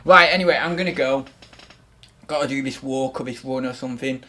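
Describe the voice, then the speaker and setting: A man's voice: mid-range voice, a little fast, pushed and bright. A young man hosting a casual livestream, chatty and self-mocking as he rambles on about his new microphone. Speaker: livestream host. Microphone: desktop microphone.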